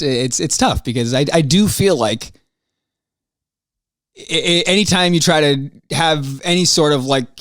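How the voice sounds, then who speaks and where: A podcast host who talks in a lively, swooping way, his voice a bit higher than most men's. He rants, swears freely and climbs sharply in pitch when he gets fired up. The sound is dry and close, with no room in it. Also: dry recording. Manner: animated, ranting and profane, voice jumping high when worked up. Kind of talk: casual solo podcast monologue.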